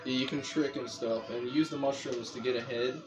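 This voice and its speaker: A young man with a medium-pitched, fairly even voice speaks briskly as he plays a racing video game, with game music playing behind him. He gives a casual, chatty tutorial, rambling and correcting himself as he goes.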